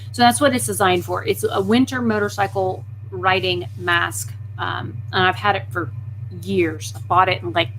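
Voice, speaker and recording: A woman vlogger telling a story on a casual live stream, animated and indignant, with frequent profanity. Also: mid-range voice, slight background noise, poor audio.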